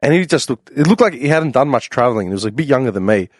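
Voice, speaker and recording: Australian man, young adult, casual storytelling, animated, laughs a lot, dry close sound. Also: mid-range voice, racing, no echo. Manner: animated, acts out quoted voices loudly, laughs often. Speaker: podcast panelist.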